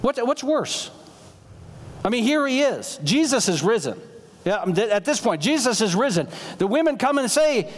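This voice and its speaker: A man preaching a sermon as pastor, telling stories in an animated, conversational way. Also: extremely high pitch, normal speed. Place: church sanctuary. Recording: long reverb of a church sanctuary.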